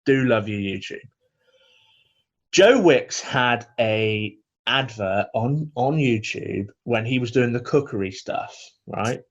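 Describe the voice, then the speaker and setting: A man co-hosting a comedy podcast from home over a video call, grumbling and mock-ranting with a dry edge. His voice swings widely in pitch, and the audio is dull and lo-fi, as on a video call. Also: lively intonation, slow. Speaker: podcast co-host. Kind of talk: casual comedic chat. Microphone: video call microphone.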